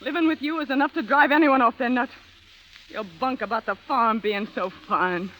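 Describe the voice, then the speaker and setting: A woman's voice: fairly high pitch, moderate pace, a bit bright, natural voice, low-quality recording. An actress playing a hard-bitten young woman in an old radio drama, with tough, slangy talk. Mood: bitter defiant. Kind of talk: 1930s radio drama acting.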